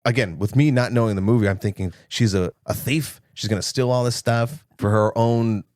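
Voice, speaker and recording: A man's voice: lowish voice, moderate pace, darkish tone, dry recording, clean studio sound. A young man co-hosting a casual movie podcast, recapping scenes with jokes and quoted lines. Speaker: podcast co-host.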